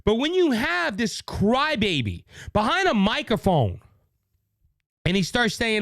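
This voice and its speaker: A man's voice: extremely high pitch, wildly swooping pitch, measured pace, fairly bright tone, dry recording, studio quality. A man with a Cajun Louisiana accent hosting a political talk show, delivering indignant, mocking commentary with many repetitions.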